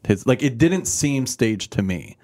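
A man co-hosting a casual podcast chat in a podcast room, talking in an animated, rambling way and acting out the people he quotes. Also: medium pitch. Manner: animated, acts out quoted voices, fast rambling. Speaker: podcast co-host.

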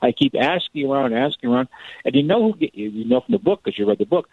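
A gravelly-voiced man tells a family story as a radio interview guest, his pitch rising and falling a lot. He talks in an animated way, often repeating his words. He comes through a tinny, dry phone line. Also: fast, dry recording. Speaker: guest author.

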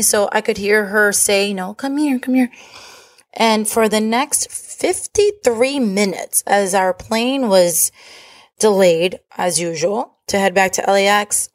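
A woman hosting a podcast, telling a personal story in a candid, profane, confessional way. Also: mid-range voice. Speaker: podcast host.

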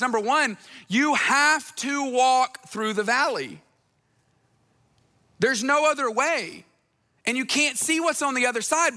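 High, bright-voiced man preaching. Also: long reverb tail. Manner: conversational preaching with playful voices for quoted people. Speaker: pastor. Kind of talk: sermon.

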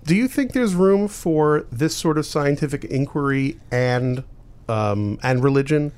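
A man hosting a podcast interview, asking eager, halting questions with many fillers. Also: on the high side, darkish tone, clean tone. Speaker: podcast host. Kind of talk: conversational interview.

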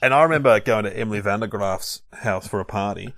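An Australian man from Melbourne in a casual chat, telling lively anecdotes and laughing often. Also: on the low side, fast talker, dry recording, studio quality.

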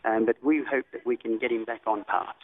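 A man's voice: mid-range voice, steady tone, brisk, slight background noise. A man with an Australian accent calling in to a radio show, talking casually and rambling with many ums and restarts. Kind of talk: casual phone call. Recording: tinny phone line.

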